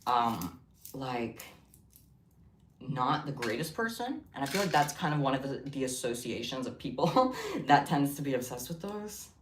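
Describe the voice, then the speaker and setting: A woman's voice: extremely low pitch, sing-song, normal speed. A woman hosting a casual livestream, rambling and joking in a scattered way as she reads chat. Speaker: livestream host. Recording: echoey room, distant mic, faint noise.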